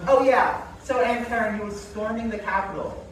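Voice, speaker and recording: A woman's voice: medium pitch, fairly even intonation, brisk. A woman ventriloquist comedian performing live, playing the patient, mock-earnest straight man to her puppet. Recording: echoey hall from far off with audience noise.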